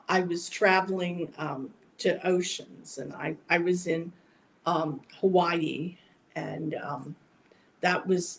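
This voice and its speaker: A middle-aged woman, a guest psychic, telling a personal story in a casual, meandering way with many halting restarts. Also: on the low side, slight background noise, rough recording.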